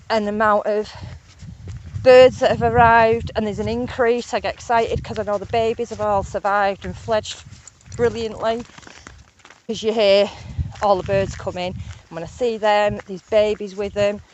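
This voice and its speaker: Vlogger: woman, mid pitch, rambling and excitable, walking outdoors with a handheld camera, faint noise behind. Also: muffled recording. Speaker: nature vlogger. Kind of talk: casual walking vlog. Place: outdoors on a rural hillside.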